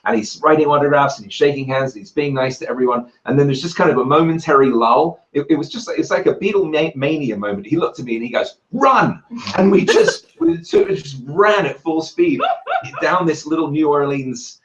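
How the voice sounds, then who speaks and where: A man with a British accent, a guest telling lively anecdotes and acting out other people's shouted lines. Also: on the high side, a little fast, a little hiss or hum. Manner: lively, acts out quoted voices loudly. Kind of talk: anecdotal storytelling in a conversation. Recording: roomy and muffled.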